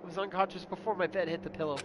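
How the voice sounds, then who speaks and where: A man's voice: sits high, fairly even intonation, very fast, noisy background. A man hosting a let's play, reading the game narration aloud with crude, jokey asides. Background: game music.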